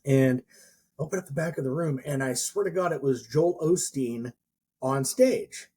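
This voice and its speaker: A man's voice: medium pitch, moderate pace, mellow, slightly rough. A man who works as a mortgage professional and trainer, chatting casually and telling a rambling story with frequent restarts. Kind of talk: casual podcast chat.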